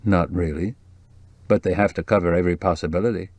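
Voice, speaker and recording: Man doing a calm soothing reporter, kind but firm, dry close audiobook sound. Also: low-pitched, quick pace, dry recording. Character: kindly, soothing middle-aged male reporter. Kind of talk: audiobook dialogue reading.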